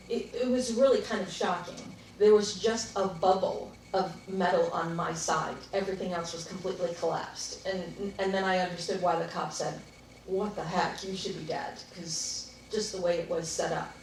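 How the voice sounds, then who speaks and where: A woman recounts a personal experience to a live audience, thoughtful and now and then laughing as she talks. Her voice rings through a very echoey room, picked up from some distance, with faint noise behind. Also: medium pitch. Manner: reflective, animated in parts, laughs while telling. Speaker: workshop speaker. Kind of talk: personal story in a talk to an audience.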